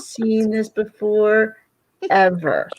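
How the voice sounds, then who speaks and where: A woman talking casually with a friend, her voice sitting in an everyday middle pitch. She tells stories in a chatty, unhurried way, stretching out her sentences as she goes. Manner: storytelling, chatty, drawn-out pauses. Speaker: podcast co-host. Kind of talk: casual chat.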